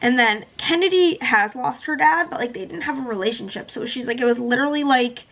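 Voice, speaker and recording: Book vlogger girl rambling about a novel, says like a ton, kinda high voice. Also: a little fast, fairly bright tone. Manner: gushing, peppered with "like". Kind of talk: casual book review chat.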